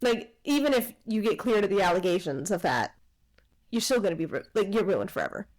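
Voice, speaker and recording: A woman co-hosting a podcast, casually retelling a film's plot with lots of "like" fillers and quick asides. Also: mid-range voice, animated, darkish tone, poor audio. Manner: rambling retelling of a film plot, many "like" fillers. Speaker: podcast co-host. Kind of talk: casual chat.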